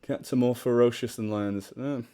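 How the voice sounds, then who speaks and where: His mid-range voice is steady, mellow and clean, moving at a moderate pace. The British streamer, whose accent blends British and American, hosts a casual charity livestream at home, narrating stories, joking at his own expense, laughing often and reading comments aloud into a desktop mic beside a fish tank.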